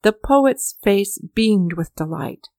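A woman's voice: mid-range voice, animated, slow, a little mellow, no room sound, clean studio sound. Woman reading a story aloud. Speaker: reader. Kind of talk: audiobook storytelling.

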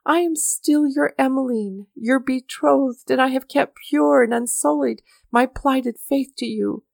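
A woman voicing a lovelorn young woman in an audiobook reading, with a high, pleading, breathless manner. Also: a little slow, creaky, a little mellow, no echo, heavily acted. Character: young woman, lovelorn, then lost in grief.

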